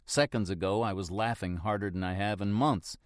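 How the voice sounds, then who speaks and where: A man narrating a first-person mystery audiobook in a steady, reflective manner. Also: lowish voice, brisk, no room sound, studio quality.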